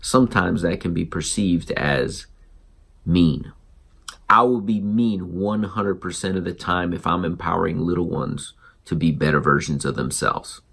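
A man hosting a parenting show, telling a story and acting out the dialogue in an animated way. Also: low voice, measured pace, gravelly, breathy edge. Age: adult parent. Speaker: podcast host. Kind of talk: storytelling monologue.

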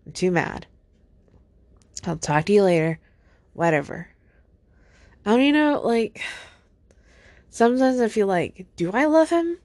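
A woman's voice: medium pitch, big pitch swings, measured pace, long pauses, darkish tone, no echo, clean studio sound. A young woman hosting a solo podcast, upset and sighing often as she vents. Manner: frequent heavy sighs, upset. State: upset, close to tears. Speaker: podcast host.

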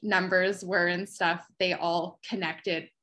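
Bright-voiced woman podcast co-host, reflective. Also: on the low side, slow pace, a little hiss or hum. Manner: relaxed, reflective, with filler words. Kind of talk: casual podcast chat.

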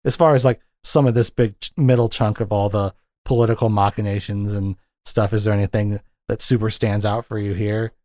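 A man's voice: lowish voice, fairly even intonation, brisk, dark tone, no room sound, clean studio sound. A man co-hosting a casual film discussion, rambling and retelling scenes with lots of fillers. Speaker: podcast co-host. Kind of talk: casual chat.

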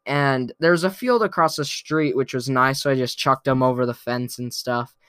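A man's voice: mid-range voice, a bit bright, smooth, no room sound, studio quality. A man telling a weekly story time on his vlog in a playful, chuckling way. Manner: playful, slow and drawn-out, chuckling often. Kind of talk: casual storytelling to camera.

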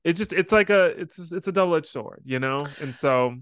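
A young man co-hosting a podcast, telling a story in an animated way, laughing often and acting out voices. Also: fairly high pitch, moderate pace, smooth, dry recording, clean studio sound. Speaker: podcast co-host. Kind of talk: casual chat.

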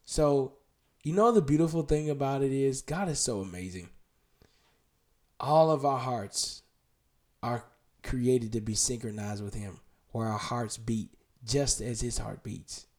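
A man preaching a podcast sermon, firing direct questions at the listener and dropping to a hushed, tender voice. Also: medium pitch, unhurried, long pauses.

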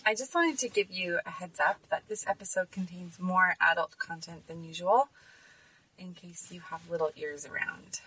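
A woman's voice: lowish voice, moderate pace, pushed and bright, husky, distant mic, soft background music, rough recording. A woman hosting a podcast, speaking in an earnest, emphatic personal monologue. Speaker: podcast host.

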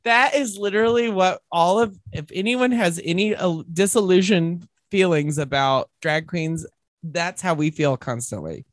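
A man's voice: sits high, measured pace, no room sound. A young adult man, a drag queen co-hosting a podcast, chatting playfully, laughing often and swearing freely. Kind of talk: casual banter.

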